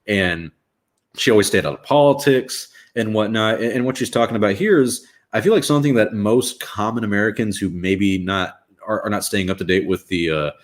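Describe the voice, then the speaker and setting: A man's voice: on the low side, fairly quick. A young man hosting a live reaction stream, talking casually in a rambling, wry way with lots of fillers. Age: young adult.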